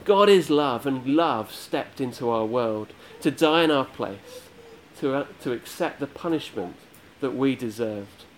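A man's voice: mid-range voice, expressive, unhurried, few pauses. Man, sermon, earnest, emphatic, repetitive phrasing, faint background noise. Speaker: preacher.

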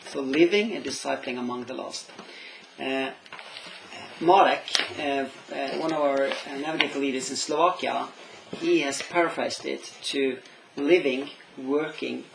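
A man's voice: mid-range voice, creaky, a bit bright, slight background noise, low-quality recording. A man preaching a sermon in English, which is not his first language, thoughtful and stopping to search for words. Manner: thoughtful, searching for words, asks questions aloud.

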